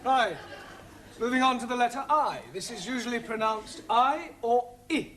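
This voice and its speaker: A man's voice: extremely high pitch, crowd noise. Give me a patient, dry-humored male teacher. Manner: patient and wry, explaining slowly.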